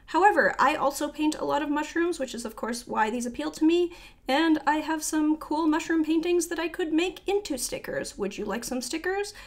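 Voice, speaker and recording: Chatty woman with a gravelly voice. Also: sits high, animated. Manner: quick, rambling and self-deprecating, with frequent fillers. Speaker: artist giving a sketchbook tour. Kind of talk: casual vlog voiceover. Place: home art studio. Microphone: voiceover microphone.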